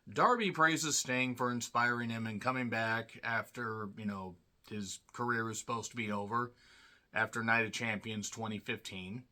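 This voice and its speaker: Male reviewer, bright tone, sarcastic and blunt, casual solo talk. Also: medium pitch, unhurried. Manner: blunt, sarcastic, swears freely. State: tired. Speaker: wrestling show reviewer.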